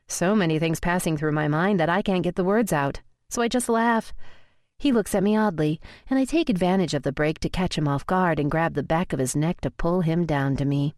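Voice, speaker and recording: A woman's voice: fairly low pitch, darkish tone, no room sound, clean studio sound. Intimate woman narrating a romance audiobook. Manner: intimate, emotional reading.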